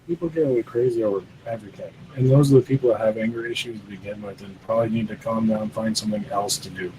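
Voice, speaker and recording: A man's voice: lowish voice, fast talker, noisy background. A man co-hosting a casual gaming podcast, talking bluntly and steadily as he reasons things out. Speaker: podcast co-host. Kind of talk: casual chat.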